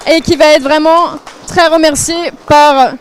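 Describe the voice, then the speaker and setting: French woman, high voice, live event presenter, chatty and a little flustered with names. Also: steady tone, normal speed. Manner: chatty, self-deprecating, stumbles over names. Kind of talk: live podium ceremony presenting.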